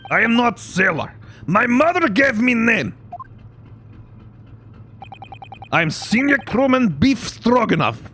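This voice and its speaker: A man voicing a gruff, burly male sailor who speaks blunt, clipped broken English in a video game playthrough. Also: very high voice, sing-song, a little slow, bright, forceful tone, a little hiss or hum, pitched above the performer's own voice, heavily acted.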